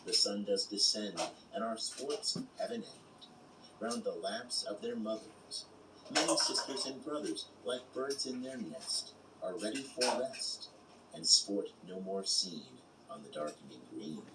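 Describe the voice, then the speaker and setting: Guy slowly reading poems for an audiobook, roomy echo, lots of background noise. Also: fairly low pitch, animated, recorded from a distance. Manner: measured, unhurried recitation. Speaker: audiobook reader. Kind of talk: slow poetry reading.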